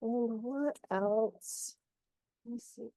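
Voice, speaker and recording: A woman's voice: fairly high pitch, very slow, dark tone, no echo. A woman energy healer guiding a client one-on-one, meandering and searching for her words aloud over a video call. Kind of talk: one-on-one guidance session. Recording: muffled lo-fi audio.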